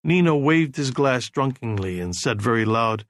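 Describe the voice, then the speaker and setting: A male audiobook narrator reads a crime novel at a steady, measured pace. His pitch sits in the middle range, and the recording is dry and close, with no room echo. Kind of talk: scripted narration.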